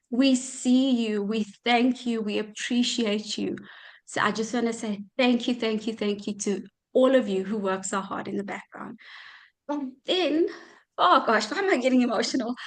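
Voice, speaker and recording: A woman's voice: a little high, low-quality recording. A woman speaking on a video call as a custodian of an online gifting community, giving a heartfelt thank-you address and repeating her thanks over and over.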